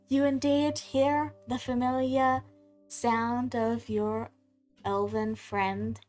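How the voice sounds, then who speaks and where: A woman narrating a tabletop game as game master, unhurried, with pauses and fillers, from her computer at home. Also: on the high side.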